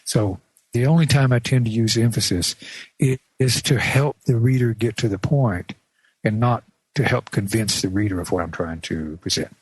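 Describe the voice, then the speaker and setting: A man presenting an instructional radio segment, plain-spoken and measured, with small restarts as he explains. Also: on the low side, darkish tone, slightly rough, no room sound. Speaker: radio show presenter teaching.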